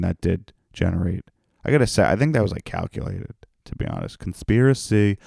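A man's voice: low voice, gravelly, darkish tone, dry recording, studio quality. A comedian hosting his own podcast, rambling and profane in a tired, self-mocking solo monologue. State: tired, yawning.

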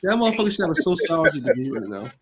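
A man's voice: on the high side, sing-song, racing, over a noisy crowd. A man in casual sports chat, blunt and profane.

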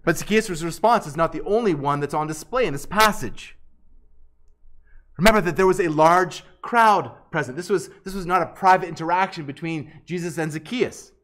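A man's voice: a little high, moderate pace, fairly bright tone. A man preaching an expository sermon, earnest and emphatic, often restarting and repeating words.

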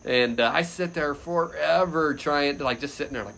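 A man in a relaxed podcast chat who spins a personal story with a bright, forward voice sitting a little high. He laughs as he goes and jumps up loud whenever he acts out what someone said. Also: moderate pace, gravelly, slight background noise. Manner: animated, loose, frequent laughter, shouts quoted lines loudly. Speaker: podcast guest. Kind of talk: casual anecdote storytelling.

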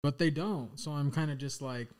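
A man's voice: a little high, normal speed, darkish tone. A man in his twenties, a guest on a casual podcast, rambling with many "like"s and the odd swear word. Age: 20s. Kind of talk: casual chat.

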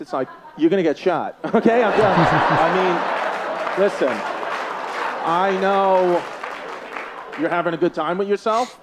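Brash New York comedian, high voice. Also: male voice. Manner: brash, profane, laughing through punchlines. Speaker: stand-up comedian. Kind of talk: stand-up comedy with crowd work. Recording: loud live crowd and noise. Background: loud crowd laughter.

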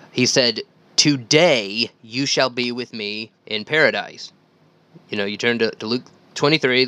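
A man's voice: mid-range voice, pushed and bright. A man hosting a solo Bible teaching podcast, talking earnestly and conversationally and reading scripture aloud. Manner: earnest, conversational, with restarts and repeated phrases. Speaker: podcast host.

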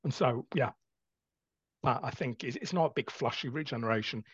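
A man's voice: medium pitch, normal speed, breathy edge, no echo, dull audio. A man hosting a panel podcast, laying out his reasons one by one with enthusiasm. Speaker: podcast host. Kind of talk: casual panel discussion.

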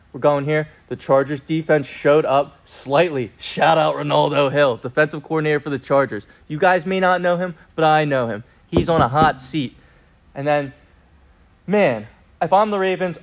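A young man co-hosts a casual sports podcast, brashly joking and launching into animated rants about football. His voice is on the high side, at a normal speed.

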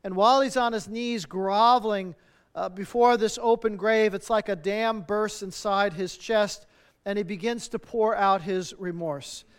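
A man preaching a sermon, earnest, with strings of rhetorical questions and phrase endings that drop soft. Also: sits high, steady tone, measured pace, clear, resonant tone. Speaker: pastor.

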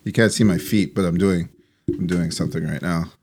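Through heavy background noise, a young podcast co-host with a low-pitched voice talks briskly. He tells a long story in casual chat, animated and acting out others' quotes.

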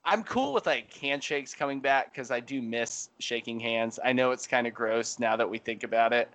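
A man co-hosting a casual podcast, rambling animatedly through a story with plenty of ums and restarts. His voice is bright and forward, set at an ordinary middle pitch. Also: normal speed. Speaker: podcast co-host. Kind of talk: casual chat.

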